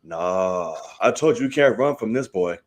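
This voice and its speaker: A man's voice: fairly low pitch, expressive, moderate pace. A man cutting a mocking, trash-talking promo on a rival in a scripted comedic segment. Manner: taunting, mocking nicknames.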